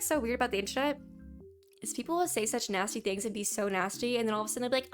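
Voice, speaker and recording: A young woman giving her opinions in a casual commentary vlog, opinionated and quick to mock what commenters say. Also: on the high side, faint music behind. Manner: opinionated, reads out viewer comments in mocking voices. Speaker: gaming YouTuber.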